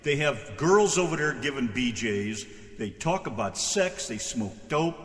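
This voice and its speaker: A rowdy American man co-hosts a radio show, swearing freely and calling out names from the chat. His voice is bright and swings up and down a lot. It rings in a long room echo. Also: medium pitch, expressive, unhurried. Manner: rowdy, profane, hollering greetings. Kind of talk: casual crude banter.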